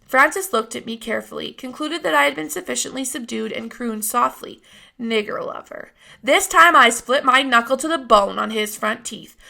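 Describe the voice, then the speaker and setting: A woman reading a novel aloud with steady storytelling narration. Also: a little high, normal speed, vocal fry, few pauses. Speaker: reader of a novel.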